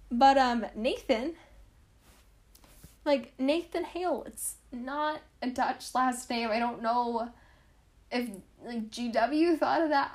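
A woman's voice: fairly high pitch, darkish tone. A young woman hosting a history podcast, telling the story casually with lots of fillers, wry asides and mock quotes.

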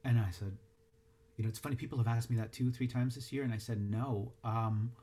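Male voice actor in an interview, mid pitch, thoughtful and halting, often restarts his sentences. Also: steady tone, dark tone. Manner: halting, reflective, many restarts. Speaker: voice actor and dialect coach. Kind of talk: interview answers.

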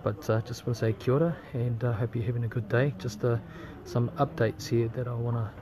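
A man's voice: medium pitch, steady tone, fairly quick. Indignant New Zealand man in a crowd. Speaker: campaign leader posting a video update. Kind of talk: casual video update. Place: airport terminal, waiting on a delayed flight. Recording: crowd chatter behind.

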